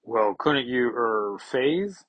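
A man's voice: medium pitch, expressive, very slow, dull audio. A man voicing a playful male superhero with a clumsy put-on German accent. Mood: teasing.

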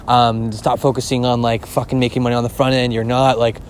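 A man hosting a casual solo podcast, rambling and excitable, swearing often and filling his talk with filler words. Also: medium pitch, fairly quick, slight background noise. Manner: rambling and profane, heavy use of filler words; excitable, gushing. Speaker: podcast host.

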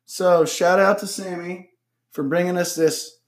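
A man co-hosting a casual podcast, telling stories with loud, excited quotes and plenty of swearing. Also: high voice, a little slow. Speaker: podcast co-host. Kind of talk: casual chat.

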